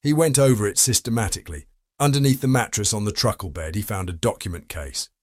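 A man narrating a crime story audiobook in a steady, measured reading. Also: fairly low pitch, dry recording, studio quality.

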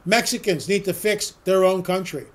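A man's voice: sits high, moderate pace. A man hosting a political talk show, delivering an emphatic, sarcastic opinion monologue full of rhetorical questions.

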